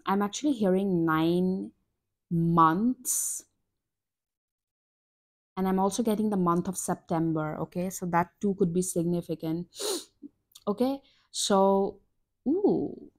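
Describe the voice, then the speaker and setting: Excitable woman giving a tarot reading. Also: lowish voice, a little slow. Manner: excitable, exclaiming, breathy gasps and laughs. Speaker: tarot reader.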